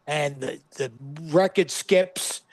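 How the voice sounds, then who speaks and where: Male comic guest, higher-pitched voice, dry studio sound, punchy storytelling delivery. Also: slow pace, no room sound. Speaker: guest comedian. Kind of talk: animated storytelling.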